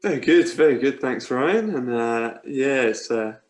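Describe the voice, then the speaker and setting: A Scottish man in his twenties, a cricketer, chatting as a guest in a relaxed, joking way. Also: medium pitch, a little slow. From Scotland. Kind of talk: casual interview chat.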